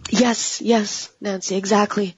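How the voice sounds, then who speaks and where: A woman in a casual group discussion, talking in an expressive, intense way with frequent restarts. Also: mid-range voice, a little slow, slightly rough, dry recording. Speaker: panel co-host. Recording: dull lo-fi audio.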